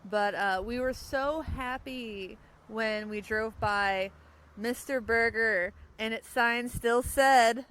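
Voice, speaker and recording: A young woman hosting a podcast in casual chat, rambling and quick to laugh. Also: a little high, a bit bright, slight background noise, poor audio. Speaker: podcast host. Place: outdoors, in a parked car.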